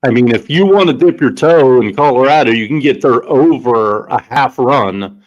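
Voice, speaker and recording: A man's voice: medium pitch, expressive, moderate pace, muffled recording. A man co-hosting a live sports betting show, thinking aloud about odds with hesitant restarts in casual banter.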